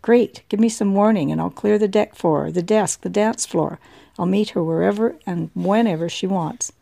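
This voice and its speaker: A woman's voice: medium pitch, normal speed, creaky, mellow. A woman reading the lines of a tired, overworked man in a storybook reading, in an earnest, apologetic manner.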